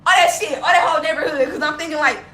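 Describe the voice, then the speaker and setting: Speaking very fast in a high, bright voice with a forceful tone, a woman vlogger delivers an unscripted, emotional rant to camera, swearing heavily, laughing bitterly, and nearly crying. The audio carries a roomy echo, faint ambience, and a little hiss or hum.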